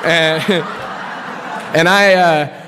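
A man in his thirties from Colorado sharing his personal story from a podium, casual and animated with slang. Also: on the high side, drawn-out words, background noise. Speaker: speaker sharing his story at a recovery meeting. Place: large conference hall. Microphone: podium mic. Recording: long hall reverb.

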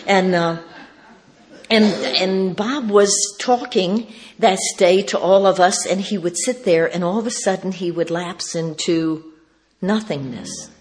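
A woman with a notably low voice shares her recovery story before a meeting. She talks in a folksy, wry way, slipping into the voices of the people in her tale. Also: a little slow. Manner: folksy, wry, acts out quoted dialogue. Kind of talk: personal storytelling talk.

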